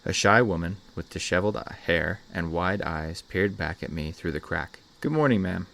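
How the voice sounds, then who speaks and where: Deep-voiced man narrating horror stories. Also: steady tone, moderate pace, vocal fry, pushed and bright. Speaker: story narrator and channel host. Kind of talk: scripted horror story narration.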